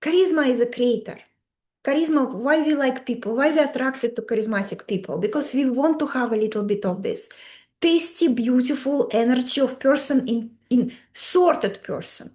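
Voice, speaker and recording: A woman with a high, bright voice leads a live online coaching class over a video call. She speaks with animated emphasis. Her English has a simple, non-native phrasing. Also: normal speed. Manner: animated, emphatic, acts out client quotes in varied voices. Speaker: beauty and mindset coach.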